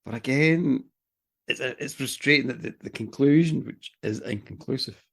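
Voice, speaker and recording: Gravelly man, relaxed podcast chat. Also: mid-range voice, moderate pace. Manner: relaxed, wry, swears casually. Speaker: podcast co-host. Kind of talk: casual chat.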